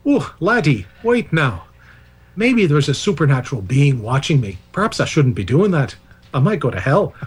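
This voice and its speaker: A man's voice: fairly high pitch, very animated, moderate pace, slightly rough, heavily acted. A man putting on an exaggerated Irish accent to voice a worried rural Irishman fearing hell. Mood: fretful. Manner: exaggerated put-on brogue.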